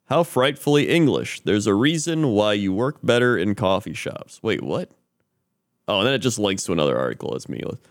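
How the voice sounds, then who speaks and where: A man's voice: lowish voice, sing-song, brisk. A man co-hosting a podcast, reading mock sports and news segments in a casual, laughing way. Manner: laughs often, reads news items aloud with stumbles. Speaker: podcast co-host.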